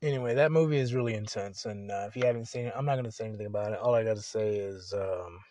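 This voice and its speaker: Young dude rambling on his podcast, cussing a lot, lowish voice, dead dry sound. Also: quick pace, dark tone, no echo. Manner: profane, rambling, laid-back. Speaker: podcast host. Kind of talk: casual solo podcast monologue.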